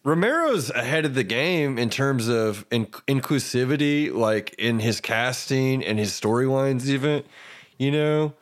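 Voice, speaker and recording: A man's voice: medium pitch, measured pace. Laughing male podcast host. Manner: animated retelling, laughing often. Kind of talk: casual chat.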